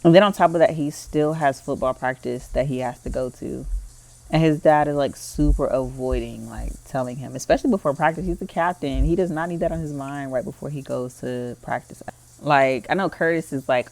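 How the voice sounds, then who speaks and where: A woman's voice: a bass voice, brisk, a little mellow. Woman, casual gameplay commentary, chatty storytelling, says "like" a lot. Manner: chatty storytelling, heavy use of "like".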